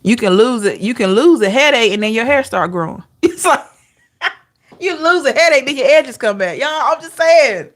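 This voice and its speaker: Woman doing a tarot reading, kinda high voice, chatty and upbeat, talks right to y'all. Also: lively intonation, moderate pace. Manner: chatty and encouraging, laughs often, addresses viewers as y'all. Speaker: tarot reader. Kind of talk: casual tarot reading monologue.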